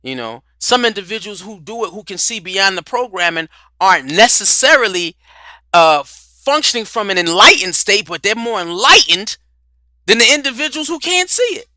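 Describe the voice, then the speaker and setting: Preacherly man with a bright, close voice. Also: sits high, big pitch swings, moderate pace, dry recording. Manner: preacherly, rhetorical questions, repeats words, swings from loud to quiet. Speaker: host. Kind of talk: livestream talk on spirituality and culture.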